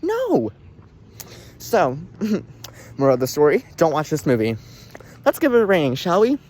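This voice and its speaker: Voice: medium pitch, sing-song, normal speed, darkish tone, slight background noise. A young vlogger reviewing a film in a dramatic, exclamatory way, swinging from groans to shrieks and talking straight to viewers. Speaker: movie reviewer. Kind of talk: casual vlog review.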